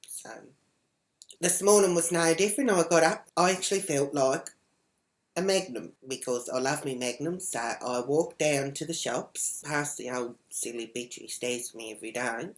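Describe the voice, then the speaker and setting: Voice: medium pitch, moderate pace, close to an everyday voice. A comedian playing a brash, foul-mouthed woman who rambles and swears bluntly in a comedic character vlog.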